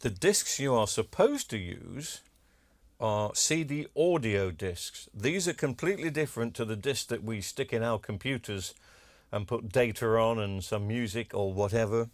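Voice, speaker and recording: A man's voice: lowish voice, animated, normal speed, no room sound. Chatty man, dry close sound. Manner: chatty, self-deprecating, cheeky asides. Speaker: electronics repair video maker. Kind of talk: casual demo talk to camera.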